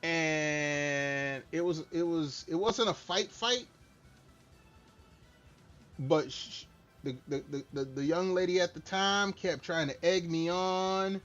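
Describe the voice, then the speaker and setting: A middle-aged streamer talks slowly and pauses often, his high, slightly bright voice rambling casually over a game. He comes across as candid and self-deprecating. The audio is a slightly dull lo-fi stream mic with faint music.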